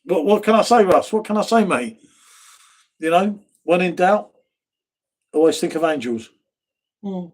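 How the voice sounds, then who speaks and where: A man's voice: sits high, expressive, a little slow, long pauses. A middle-aged man with an accent from near London, hosting a casual live stream, chatting and reading out viewer comments. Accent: southern English, from near London. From England. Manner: chatty, laid-back, reads viewer comments, says mate a lot. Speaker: live stream pub host.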